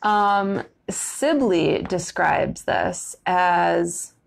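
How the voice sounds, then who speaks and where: Casting: woman educator, lowish gravelly voice, relaxed live-stream teaching with lots of ums. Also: very slow. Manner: casual, many "um" fillers, answers viewer questions. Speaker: education director. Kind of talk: online bird education talk.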